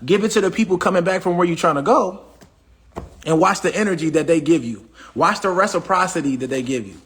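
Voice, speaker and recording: Brief: high-pitched man, AAVE, preachy livestream motivational speaker, repeats himself. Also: a little fast, fairly bright tone. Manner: preachy, repetitive, asks the audience questions. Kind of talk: casual motivational talk.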